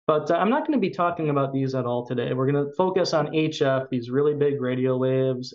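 A man's voice: mid-range voice, a little mellow, muffled recording. A man with a Chicago accent giving a recorded tech talk at a conference, speaking with enthusiasm and frequent fillers.

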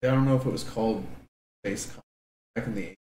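A man co-hosting a casual gaming podcast, explaining things in an animated way with asides. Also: lowish voice, fast talker. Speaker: podcast co-host. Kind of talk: casual chat. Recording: echoey room, distant mic, faint noise.

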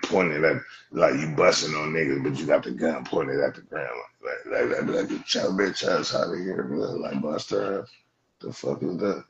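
Brief: deep male streamer, Los Angeles Black English, profane roast, keeps saying "blood", lo-fi sound. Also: fairly bright tone, a little hiss or hum. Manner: profane, mocking, repeats "blood" constantly. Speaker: livestream host. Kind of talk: roasting callers on a livestream. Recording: dull lo-fi stream audio.

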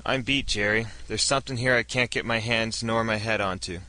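A man's voice: lowish voice, fairly quick, bright, forceful tone, dry recording. A male narrator voicing a weary, burly small-town sheriff who talks in a folksy, plain-spoken way.

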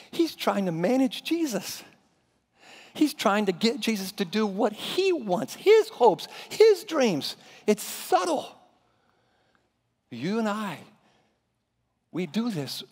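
A male pastor preaching a sermon in a church, telling the story in an animated, dramatic way. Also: sits high, slow, pauses often, husky. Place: church sanctuary. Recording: reverberant church hall.

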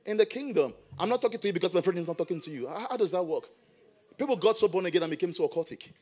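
A middle-aged man preaching a sermon as a pastor in church, animated with playful asides. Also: sits high, rapid-fire, slightly rough.

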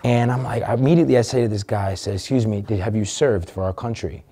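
A man's voice: lowish voice, fast, mellow, slightly rough. A man telling a candid personal story as an interview guest, earnest and emotional, swearing casually.

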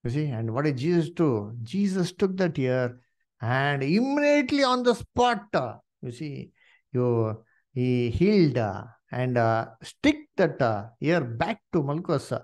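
Animated preacher with a lively voice. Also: male voice, mid-range voice, a little slow. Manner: animated, many "you see" and "uh" fillers; addresses listeners as "dear brethren". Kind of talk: Bible study sermon.

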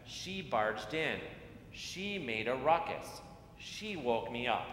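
A man's voice: sing-song, takes it slowly, fairly bright tone. A man voicing a grumpy, indignant male bear in a children's storybook, in a huffy, complaining way. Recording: echoey church hall, faint rumble.

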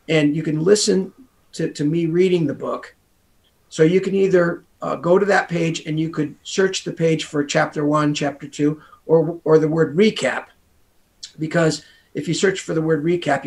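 An American guest author talks casually in an interview, rambling and full of asides. His voice is on the high side and gravelly.

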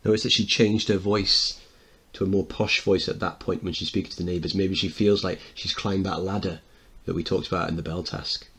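A male teacher reading a play aloud and pausing to explain it. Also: low-pitched, fairly even intonation, husky. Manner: explanatory, quiet asides. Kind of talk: dramatic reading with analysis.

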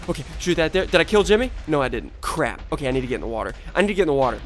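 A man with a stuffy, congested voice giving excitable live gameplay commentary as a video host, yelping and trash-talking opponents. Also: fairly high pitch, very fast, few pauses, slight background noise.

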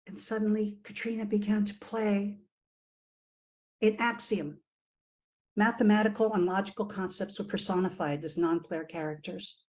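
A woman author reads her own prose aloud for an online event, her voice at a middling pitch. She shifts emphasis freely, lifting and dropping her voice with the story. It comes through a computer microphone on a video call. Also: steady tone, moderate pace, a little mellow, rough recording. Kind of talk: reading her fiction aloud. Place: remote virtual reading.

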